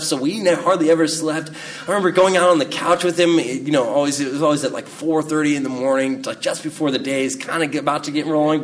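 A man in his thirties preaching a sermon in a slow, measured way, letting his phrases fall soft at the ends. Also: on the high side. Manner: slow, measured delivery with soft dropping endings. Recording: distant mic with faint room ambience.

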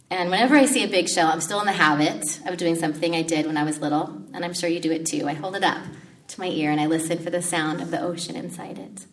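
Woman preacher, heard from a distance. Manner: animated storytelling, acting out the disciples' panic in a high voice. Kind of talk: sermon.

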